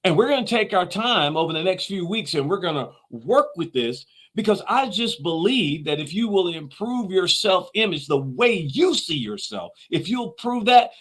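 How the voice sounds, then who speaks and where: A man's voice: high voice, big pitch swings, moderate pace, few pauses, a bit bright. A man giving a motivational talk, emphatic and repeating his key phrases. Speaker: motivational speaker.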